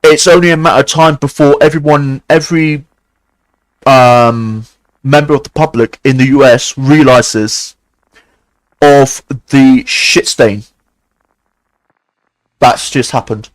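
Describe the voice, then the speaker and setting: A male streamer rants angrily on a live stream, swearing frequently and stumbling through repeated restarts in a heated, halting way. His voice is medium-pitched, and the recording quality is low.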